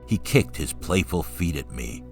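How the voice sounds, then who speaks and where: A man reading a first-person story aloud in a calm, steady narrating voice. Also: extremely low pitch, a little slow, soft background music.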